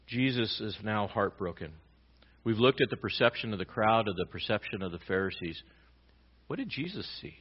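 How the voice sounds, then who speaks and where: A man pastor preaching a sermon, swinging between loud emphatic lines and quiet low ones. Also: animated, normal speed, husky, lo-fi sound.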